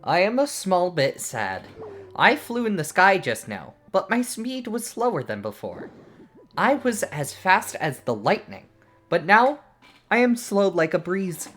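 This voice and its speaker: A woman's voice: on the low side, sing-song, measured pace, a bit bright, soft background music, voice pushed up. A woman voicing an earnest male steel psychic creature who talks in a stiff, formal way, reading video game dialogue aloud.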